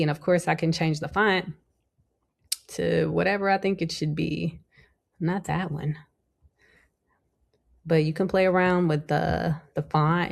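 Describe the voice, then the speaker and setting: Woman tutorial host, low voice with fry, casual step-by-step talk, chatty. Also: a little mellow. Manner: chatty, talks through each step with many "you know" and "like". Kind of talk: casual screen-recorded software tutorial.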